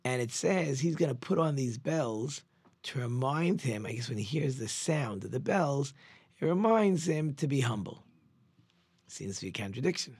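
A man, a rabbi, telling a parable in a sermon and acting out the characters' lines with lively shifts. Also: medium pitch, normal speed, slightly rough, dry recording. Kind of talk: sermon storytelling.

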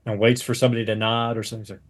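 A man narrating a tabletop game as game master in a casual, halting way. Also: mid-range voice, flat delivery. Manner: casual, halting, many restarts.

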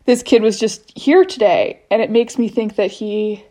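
A woman's voice: on the high side, normal speed, warm tone. A woman in her thirties, a mother, telling a personal story casually on a podcast, rambling with many restarts. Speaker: mother sharing experiences as podcast guest.

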